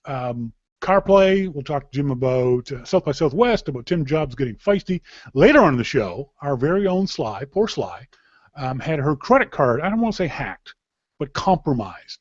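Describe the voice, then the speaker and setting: A man's voice: a little high, darkish tone, no echo. A man from Canada hosting a live podcast in a casual, rambling way, with frequent restarts. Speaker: podcast host. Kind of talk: casual chat. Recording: dull, dry lo-fi sound.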